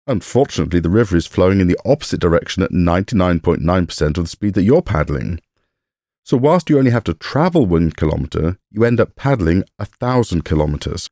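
A man's voice: deep voice, warm tone, dry recording. A man hosting a podcast, reading a scripted science explainer with dry humor and jokey asides. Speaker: podcast host.

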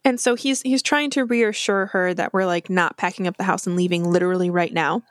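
A woman's voice: on the low side, no room sound, clean studio sound. A woman co-hosting a horror podcast, recapping the plot in casual chat, swearing freely and acting out characters' lines. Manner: animated, swears freely, acts out characters' lines in quick impressions.

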